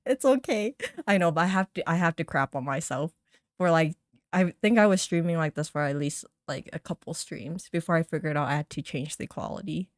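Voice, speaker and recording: A woman's voice: lowish voice, animated, normal speed, no echo, studio quality. A woman streamer chatting casually and teasing herself, laughing often as she reacts to an old stream of hers.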